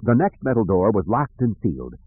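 A man narrating an audiobook in a measured, even storytelling manner. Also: on the low side, breathy edge. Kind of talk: scripted narration. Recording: dry tinny phone-like recording.

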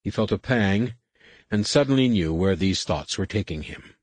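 A male narrator reading a novel aloud with expressive, storytelling intonation. His voice is lowish and husky, with lively rises and falls. The recording is dry and close, with no room sound. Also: normal speed, dry recording. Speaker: audiobook narrator. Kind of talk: scripted narration.

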